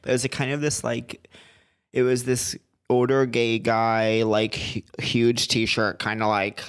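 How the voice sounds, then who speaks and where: Young man, podcast co-host, casual chat, animated storytelling, mid-pitched voice. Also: measured pace, clean tone. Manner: animated storyteller, acts out quotes with big pitch jumps.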